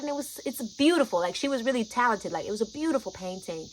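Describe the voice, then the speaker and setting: A woman vlogger telling a personal story, chatty and animated, often saying "like" and "y'all". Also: fairly high pitch, quick pace, a little hiss or hum, low-quality recording.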